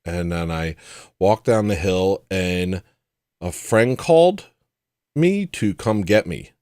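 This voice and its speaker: A man's voice: low-pitched, animated, slow, a little mellow, no room sound, clean studio sound. A man hosting a livestream show, telling a personal story in a casual, rambling way with frequent restarts.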